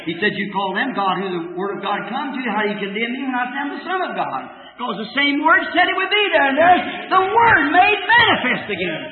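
A man preaching a sermon, fervent, moving from hushed storytelling to shouted climaxes. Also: very high voice, very animated, fairly quick, few pauses. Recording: tinny old recording, echoey hall, far from mic.

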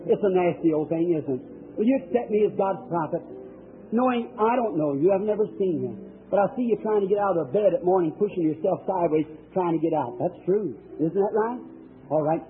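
A man's voice: high voice, a little fast, noisy background. A man preaching at a healing service, praying and speaking directly to people one by one in a fervent, emphatic way. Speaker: preacher and faith healer. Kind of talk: healing-service sermon with prayer. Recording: thin, tinny old archival tape.

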